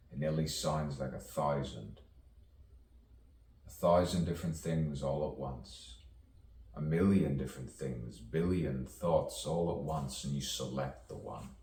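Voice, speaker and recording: A man's voice: very deep voice, mellow, slight background noise. A man performing a spoken-word poetic monologue in a rhythmic delivery full of repetition and wordplay. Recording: echoey room, distant mic.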